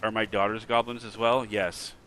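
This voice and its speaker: Give me a joking middle-aged man streaming, with a low, bright voice. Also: level tone, normal speed, a little hiss or hum. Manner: joking, teasing. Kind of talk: casual chat while playing.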